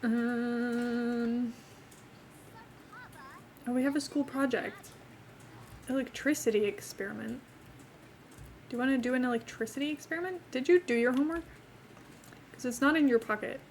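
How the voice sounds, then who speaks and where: A woman's voice: fairly high pitch, fairly even intonation, moderate pace, pauses often, a little hiss or hum. A young woman streamer chats casually with her viewers while playing a life-sim game. She rambles from topic to topic and talks to both her chat and the game's characters. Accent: not from England.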